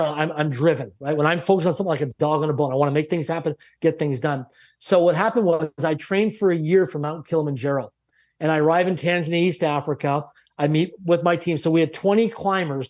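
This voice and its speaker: A middle-aged man from Canada speaks with a slightly raised pitch and drives his points home in punchy lists. He tells stories with energy and acts out the people in them. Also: a little mellow. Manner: emphatic, punchy lists, acts out quoted dialogue. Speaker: guest. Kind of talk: energetic motivational storytelling.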